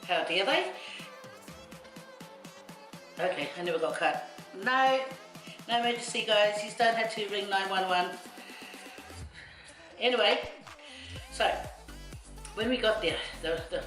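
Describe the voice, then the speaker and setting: A woman's voice: mid-range voice, expressive, a little slow, long pauses. A middle-aged woman from Samoa telling a rambling story with laughing asides while she cooks. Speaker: vlogger. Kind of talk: casual storytelling while cooking. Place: home kitchen. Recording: echoey kitchen with faint music.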